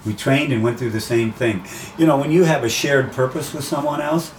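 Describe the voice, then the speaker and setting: A man speaking as an interview guest in casual conversation, animated, acting out quoted voices as he tells stories. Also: medium pitch, a little fast, echoey room, distant mic, a little hiss or hum, low-quality recording. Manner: animated storyteller, acts out quotes. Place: outdoors by the sea.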